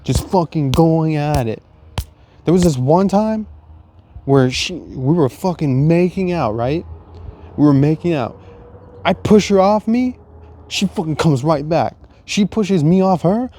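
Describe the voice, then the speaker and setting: A young man casually telling a heartbreak story, cursing a lot and acting out his own inner dialogue, joking even while sad. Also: a little high, a little hiss or hum. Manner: laughs and jokes while sad. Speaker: vlogger.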